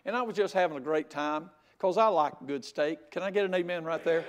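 An older man preaching a sermon, telling a folksy story with loud outbursts. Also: fairly high pitch, a little fast. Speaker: pastor.

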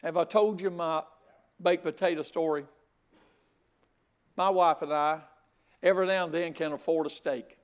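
An older man preaching a sermon, telling a folksy story with loud outbursts. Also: on the high side, steady tone, normal speed, long pauses. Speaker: pastor.

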